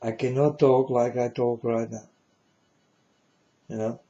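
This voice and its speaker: A man's voice: medium pitch, level tone, slow, warm tone, highs cut off. A man giving a preachy monologue in broken, non-native English, emphatic and repetitive, often asking if the listener understands. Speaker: speaker addressing viewers.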